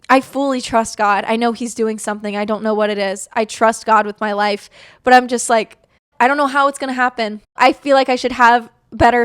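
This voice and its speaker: Earnest young woman, bright voice. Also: a little high, smooth, no room sound, studio quality. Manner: earnest, conversational, heavy use of "like". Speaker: podcast host. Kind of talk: casual faith talk.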